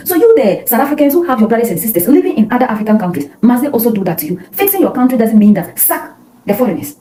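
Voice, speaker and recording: Woman commentator, fast and indignant, mellow tone in an echoey room. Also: fairly high pitch, slight background noise. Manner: indignant, repeats rhetorical questions. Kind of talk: impassioned address to South Africans.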